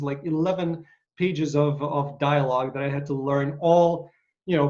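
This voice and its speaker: On a dull lo-fi recording, a middle-aged man hosts a podcast in a slightly high, a little mellow voice. He rambles casually through an interview chat, hesitating and saying uh a lot.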